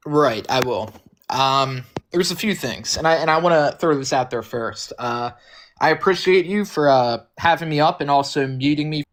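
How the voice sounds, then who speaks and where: A man's voice: fairly high pitch, normal speed, fairly bright tone. A man in his twenties, a caller on a political stream, defiant and answering questions with questions. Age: 20s. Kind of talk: live-stream political debate.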